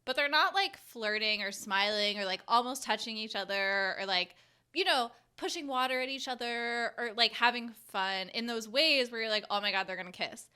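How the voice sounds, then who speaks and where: A young woman co-hosts a relaxed podcast chat, her voice bright and fairly high. She rambles with lots of "like" and breaks into quick giggles as she talks. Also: clean tone. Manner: chatty, full of "like" and giggles. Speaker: podcast co-host. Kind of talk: casual chat reviewing a movie.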